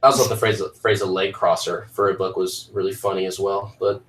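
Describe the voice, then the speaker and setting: A man's voice: deep voice, flat delivery, a little fast, fairly bright tone. Rambling man heard from a distance. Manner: rambling, restarts often. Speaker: podcast host. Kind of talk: casual chat.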